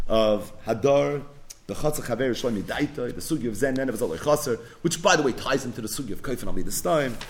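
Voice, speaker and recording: Man, Talmud teacher, animated pitch, conversational, asks and answers his own questions, mixes in Hebrew and Aramaic terms. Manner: explains in English mixed with Hebrew and Aramaic terms. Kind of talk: daily Talmud page lesson.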